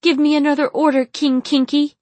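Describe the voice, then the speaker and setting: A woman voicing an eager young woman lover, speaking in a high, breathless, gasping voice. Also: little pitch movement, a little fast, a little mellow, no room sound, natural voice. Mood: breathless, ecstatic.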